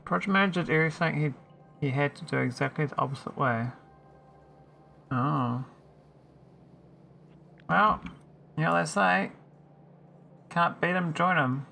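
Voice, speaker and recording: Gravelly, bright man. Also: on the high side, measured pace, pauses often, a little hiss or hum. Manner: chatty, teasing, thinks aloud. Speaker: game streamer. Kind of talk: casual live-stream chat while playing.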